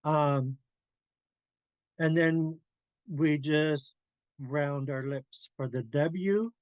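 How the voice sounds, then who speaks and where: A man teaching a language class, drilling pronunciation slowly and carefully and laughing often. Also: a little high, darkish tone, smooth, dry recording, dull audio.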